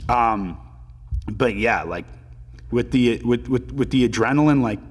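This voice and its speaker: A man in his twenties, a pro hockey player telling stories as a podcast guest in a relaxed, filler-heavy way and swearing casually. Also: medium pitch, a little slow, husky, in a large hall. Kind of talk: casual storytelling interview.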